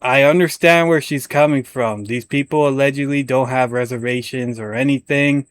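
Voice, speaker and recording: Casting: young male commentary host, chatty and rambling, stumbles over words, mid-pitched voice. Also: steady tone, moderate pace. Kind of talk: casual reaction commentary.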